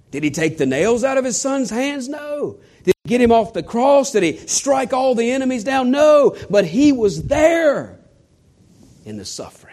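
A man preaching a sermon to his church, swinging from shouts down to hushed near-whispers and firing rhetorical questions at his listeners. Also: extremely high pitch, very animated, normal speed. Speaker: pastor.

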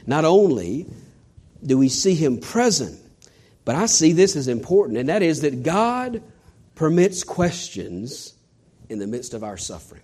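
Pastor, male, high voice, rises and falls a lot; fiery sermon delivery with rhetorical questions and hushed drops. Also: big pitch swings, normal speed. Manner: dramatic, swinging from shouts to hushed near-whispers; asks the listeners rhetorical questions.

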